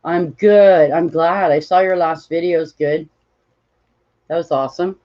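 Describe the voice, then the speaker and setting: A sleepy woman crafts during a laid-back livestream, yawning as she rambles slowly, greets people from chat, and reads their comments aloud. She has a lowish, warm voice with fairly even intonation, and the audio is dull and lo-fi.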